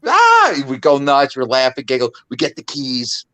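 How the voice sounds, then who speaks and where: A man's voice: medium pitch, normal speed. A man in his fifties, a guest on a video call, telling stories in a casual, laughing chat. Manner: animated, laughing storyteller.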